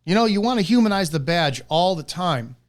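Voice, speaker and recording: Male host, former cop, slightly higher voice, blunt and profane, rants and restarts himself as he reacts to a clip. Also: lively intonation, brisk. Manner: blunt, profane, indignant ranting with many restarts. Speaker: host of a police commentary show. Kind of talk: reacting to a played video clip with commentary.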